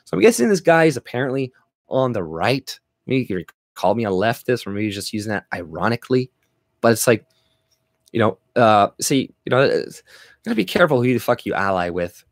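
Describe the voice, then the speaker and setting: Dude ranting on a stream, swears a lot, keeps restarting, dry close sound. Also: male voice, fairly low pitch, big pitch swings, brisk, dry recording. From Canada. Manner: blunt and profane, lots of fillers and restarts. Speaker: livestream commentator. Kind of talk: profane livestream rant.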